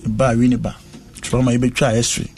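Man, interviewee, slow earnest storytelling, mid-pitched voice. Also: little pitch movement, darkish tone, a little hiss or hum. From West Africa. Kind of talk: recounting a personal ordeal in conversation.

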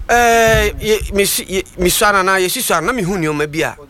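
Bright-voiced man telling stories. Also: sits high, fast talker, slight background noise. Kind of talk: casual radio chat.

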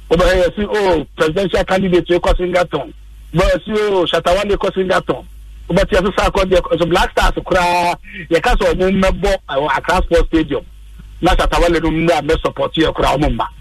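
A man's voice: a little high, breathy edge, dry recording, recorded from a distance, low-quality recording. A man with a Ghanaian accent giving passionate, urging sports commentary on a radio show. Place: radio studio.

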